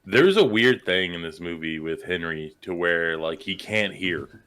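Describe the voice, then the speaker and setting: A man's voice: deep voice, animated, a little slow, a bit bright, clean tone. A man co-hosting a casual movie podcast, laid-back and crude as he talks through his theories. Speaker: podcast co-host.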